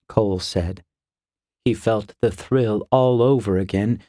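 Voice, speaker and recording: A man narrating a fantasy audiobook in a measured, even storytelling voice, recorded close in a quiet booth. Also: medium pitch, no echo.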